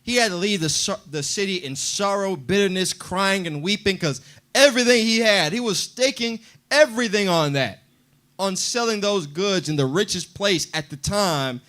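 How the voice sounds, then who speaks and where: High, animated male preacher. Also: normal speed. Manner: animated, acts out voices in quotes. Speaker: Bible class teacher. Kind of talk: preaching Bible class.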